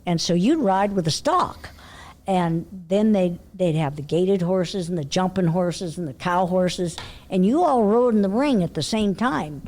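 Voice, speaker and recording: An older woman telling horse-show stories in a casual interview, animated, laughing often and dropping to a hush when she quotes herself. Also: lowish voice, unhurried. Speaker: interview guest, horse trainer.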